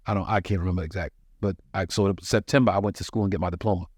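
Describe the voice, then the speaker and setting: A male comedian from New York City telling his life story in a casual podcast chat, animated and profane, acting out the people he quotes. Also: sits low, rapid-fire, dry recording, clean studio sound. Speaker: touring comedian, podcast co-host.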